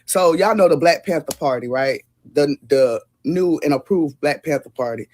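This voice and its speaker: A man's voice: a little high, normal speed, darkish tone, slight background noise. A man hosting casual commentary, blunt and slangy as he reacts to a clip. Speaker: commentary host.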